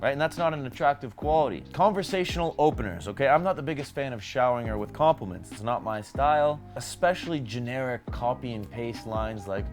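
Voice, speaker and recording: A man's voice: medium pitch, lively intonation, quick pace, hardly any pauses. Young man, dating advice vlog, emphatic coaching tone, faint music underneath. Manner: coaching, emphatic, addresses viewers directly as guys. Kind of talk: direct-to-camera advice vlog.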